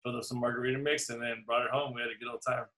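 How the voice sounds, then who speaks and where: A man's voice: medium pitch, little pitch movement, racing, bright, forceful tone, poor audio. A man co-hosting a casual podcast over drinks, chatting loosely and laughing as he tells rambling stories. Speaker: podcast co-host.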